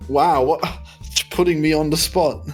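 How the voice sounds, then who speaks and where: A man in a casual podcast chat, deadpan and often stammering. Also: on the high side, unhurried, husky, faint music behind. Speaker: podcast co-host.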